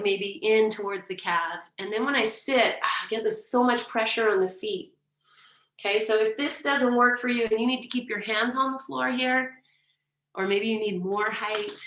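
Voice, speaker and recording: A woman teaching a yoga class, giving gentle, encouraging, relaxed cues as she demonstrates the poses. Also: medium pitch. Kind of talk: guided yoga class instruction. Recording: echoey room, mic far off.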